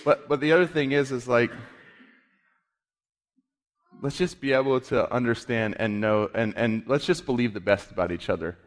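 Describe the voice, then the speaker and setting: A man's voice: mid-range voice, in a large hall. Guy pastor preaching casual, lots of restarts and stumbles, prays partway. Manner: conversational, halting restarts. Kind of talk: sermon with prayer.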